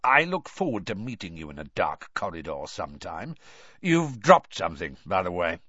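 Man playing a gruff scarred old wizard, growling menace, bright tone, dry slightly dull recording. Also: deep voice, big pitch swings, moderate pace, dry recording, pitched below the performer's own voice, full character voice. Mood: menacing calm.

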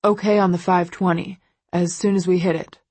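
A woman voicing a controlling young husband who stays quiet and measured while tense underneath. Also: lowish voice, little pitch movement, husky, no room sound. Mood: calm, guarded.

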